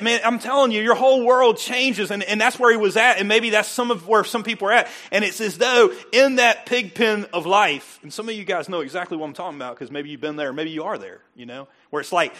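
Chatty joking male pastor, bright voice. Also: high-pitched, fast. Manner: chatty, joking asides, acts out quoted voices. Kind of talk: conversational sermon.

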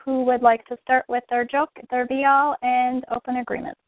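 A woman's voice: sits high, flat delivery, normal speed, no room sound. A woman facilitating a weekly group call, opening it and guiding others through their turns. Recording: tinny phone line.

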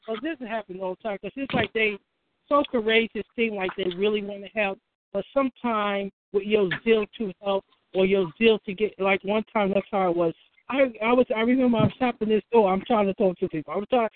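A woman's voice: mid-range voice, noisy background. A woman hosting a call-in show, giving casual advice, often restarting and acting out little dialogues. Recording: tinny phone line.

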